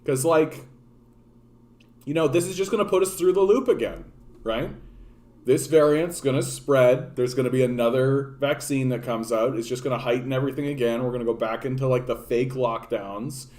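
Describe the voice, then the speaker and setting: A man from Canada rants casually to his live chat, swearing freely and drifting from point to point with a sardonic edge. His pitch sits squarely in the middle for a man, neither deep nor high. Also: moderate pace, a little mellow. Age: adult, grown since his younger days. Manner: profane, sardonic, wandering, talks to chat. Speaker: political livestream host.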